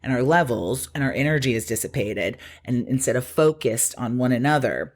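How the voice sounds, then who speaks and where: A woman co-hosting a podcast in casual chat, emotional and animated, acting out what people say. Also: very deep voice, fairly quick. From Italian heritage. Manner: emotional, animated, acts out quotes. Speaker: podcast co-host.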